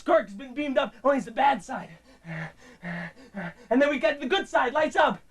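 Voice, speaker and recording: A man playing a hyperactive werewolf boy, rambling with manic, childish excitement in a comedy sketch. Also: extremely high pitch, moderate pace, distant mic.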